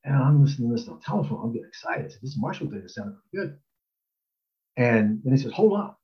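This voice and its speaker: A man's voice: medium pitch, fast talker. Older guy telling an old story, lots of ums, acts out the quotes, kinda dull lo-fi sound. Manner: rambling, with fillers and lively acted quotes. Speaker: storyteller recalling his college recruitment. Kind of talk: casual spoken anecdote.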